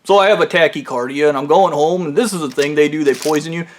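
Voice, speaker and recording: A man's voice: on the high side, fast talker, a little hiss or hum. A man telling a rambling, profane comedic story about his workplace in a conspiratorial tone.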